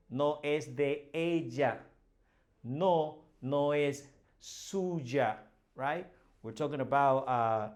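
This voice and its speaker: Slow, patient male teacher. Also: fairly high pitch, darkish tone. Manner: patient, repeats example sentences, modeling question intonation. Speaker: Spanish teacher. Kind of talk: slow explanatory language lesson.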